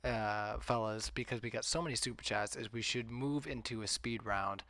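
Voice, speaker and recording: A man moderating a live online debate, brisk and reading viewer questions aloud. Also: lowish voice, steady tone, sharp tone, dry recording.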